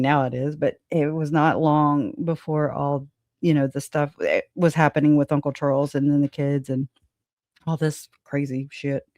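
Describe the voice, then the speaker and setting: A woman's voice: deep voice, darkish tone, dry recording, studio quality. A woman hosting a livestream in casual chat, rambling, laughing often and swearing casually. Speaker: livestream host.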